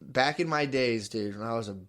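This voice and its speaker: A man's voice: mid-range voice, brisk, a bit bright. A man co-hosting a casual comedy podcast, rambling through stories, laughing often and acting out voices in quotes. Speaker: podcast co-host. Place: podcast studio.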